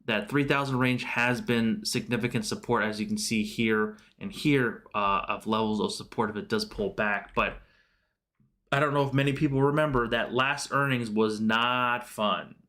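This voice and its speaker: Hosting a casual livestream, a chatty man talks through stock charts at a moderate pace, his medium-pitched voice fairly even in intonation, pushed and bright. He's loose and full of fillers and self-corrections while answering viewers' chat questions.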